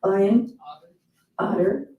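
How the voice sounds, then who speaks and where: A woman's voice: mid-range voice, extremely slow, lo-fi sound. A woman leading a group workshop debrief, upbeat and encouraging, laughing often with the participants. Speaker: workshop leader. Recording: echoey room from far off.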